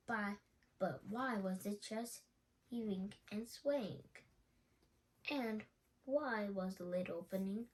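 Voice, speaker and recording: A woman reading a children's storybook aloud in a slow, expressive way. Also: medium pitch, slight background noise. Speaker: storybook reader.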